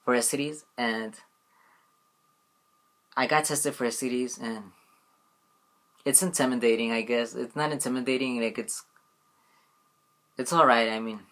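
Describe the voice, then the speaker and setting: A man's voice: mid-range voice, fairly even intonation, unhurried, long pauses, a bit bright. A young man telling a story in a casual vlog, rambling and filling his talk with "like" and "you know what I mean". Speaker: vlogger.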